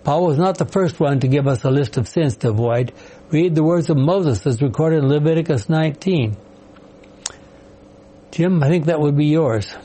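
Guy running a bible study, kinda high voice, warm and mellow, asks lots of questions. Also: normal speed, poor audio. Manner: questioning, explanatory, calls on readers. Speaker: Bible study class leader. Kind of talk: leading a Bible study discussion.

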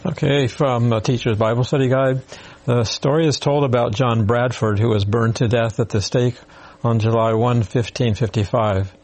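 A man in a Bible study group reading a story from a study guide in a plain, measured way. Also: medium pitch, a little mellow.

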